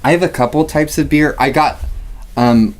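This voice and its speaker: A man co-hosting a casual podcast, easygoing and quick to laugh, often trailing off into fillers. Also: fairly high pitch, faint music behind. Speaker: podcast co-host.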